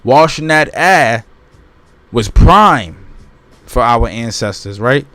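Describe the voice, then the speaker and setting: A man's voice: mid-range voice, animated, takes it slowly, bright, forceful tone, no room sound. A man hosting his channel, reading a book aloud and breaking off into casual, emphatic commentary that repeats points and keeps asking his listeners "right?". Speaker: channel host.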